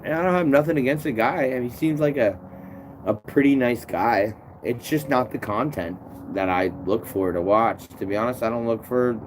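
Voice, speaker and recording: Lowish-voiced guy rambling on a livestream, swears a ton, keeps restarting sentences, faint car noise behind. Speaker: tree climber streaming to viewers. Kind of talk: casual live-stream chat reading comments.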